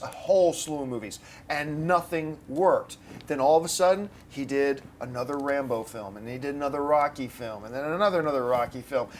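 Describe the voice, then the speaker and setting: A man hosting a casual movie news panel, arguing his points with animated bursts of emphasis. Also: fairly high pitch, a little hiss or hum.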